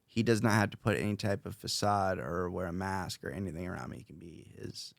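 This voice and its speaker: A man's voice: low-pitched, fairly quick, vocal fry, dry recording. A young man hosting a podcast, talking casually in a rambling, self-reflective way with many fillers and restarts. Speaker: podcast host, interviewed as guest.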